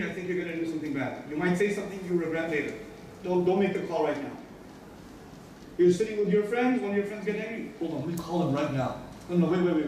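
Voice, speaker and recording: American guy preaching friday sermon, high voice, big echoey hall, mic a ways off. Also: a little mellow, recorded from a distance, slight background noise. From United States. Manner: emphatic, repeats key phrases, acts out quoted dialogue. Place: mosque prayer hall.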